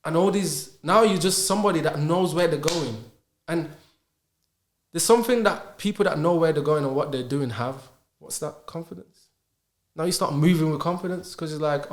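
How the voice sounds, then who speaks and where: A man's voice: a little high, moderate pace. A man, a podcast guest in casual chat, earnest and asking himself rhetorical questions. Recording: roomy echo.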